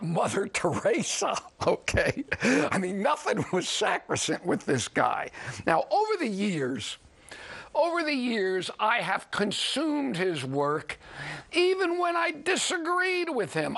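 Animated, gravelly New York man. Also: sits high. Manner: chatty, animated, with exclamations and self-deprecating asides. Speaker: program host. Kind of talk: casual radio-style monologue.

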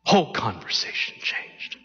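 A man preaching a sermon with a bright, forceful voice, slipping into acted-out lines and sudden shouts. He speaks slowly and deliberately. The sound is dull and lo-fi, with a long reverb tail from a large hall. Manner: dramatic, acts out the story with sudden shouts. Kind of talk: animated sermon storytelling.

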